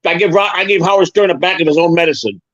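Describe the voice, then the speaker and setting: On a live stream, a man chats casually and rambles through stories, stumbling over repeated words. He talks rapid-fire in a slightly high, fairly bright voice, and the sound is dull and lo-fi.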